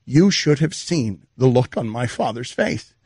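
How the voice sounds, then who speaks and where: A man hosting a sports radio talk show, telling stories quickly and animatedly, laughing as he goes. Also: mid-range voice, breathy edge, no room sound, clean studio sound. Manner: fast, animated storytelling with laughter. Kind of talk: casual sports radio banter. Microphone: studio microphone.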